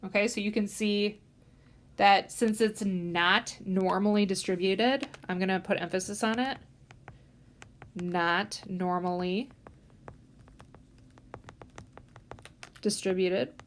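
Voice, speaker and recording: Speaking at a normal speed in a mid-range voice, a woman teaches statistics in a recorded lecture. Her explanations are full of "ums," and she emphasizes the important words.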